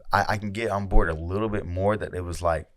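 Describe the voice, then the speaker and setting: A man's voice: low-pitched, fast, background noise. A man co-hosting a podcast, talking casually and animatedly with lots of slang and swearing. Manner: animated storytelling, swears freely, slang-heavy. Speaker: podcast co-host. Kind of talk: casual chat.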